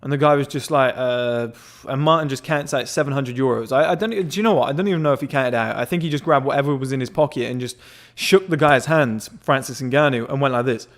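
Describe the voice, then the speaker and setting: Man, young adult, casual storytelling, excitable, profane, mid-pitched voice. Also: fast. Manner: excitable, swears a lot, rambling with many fillers. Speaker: members club founder telling a story.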